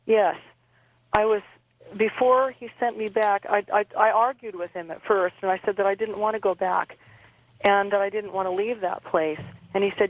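A woman speaks calmly as an interview guest, halting and repeating her words. Her delivery stays even and flat, with little rise and fall. The sound is muffled, like a phone line. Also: medium pitch. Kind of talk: recounting a personal experience.

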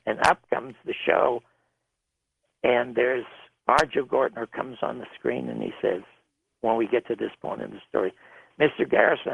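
Man storyteller, gravel in the voice, somewhat high, tinny phone-line radio sound, dry. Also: no echo. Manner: animated storyteller, shouting out quoted arguments. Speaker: television producer telling his story. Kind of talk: recounting a story in an interview.

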